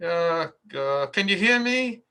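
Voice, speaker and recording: A man's voice: sits high, lively intonation, slow, sharp tone, clean tone, pitched above the performer's own voice, exaggerated voice. A man doing an eager Japanese-accented radio host. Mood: excited.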